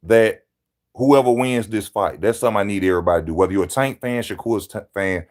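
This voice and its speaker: A man hosting a live boxing channel stream, talking straight to his viewers in loud street-style banter, mocking and teasing. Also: fairly low pitch, quick pace.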